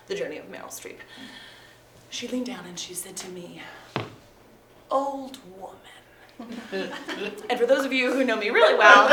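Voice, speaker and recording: A woman who teaches theatre tells a lively, laughing story to a live audience. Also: on the high side, distant mic. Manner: animated, laughing often. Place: performance room with an audience. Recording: echoey room, mic from afar, crowd noise.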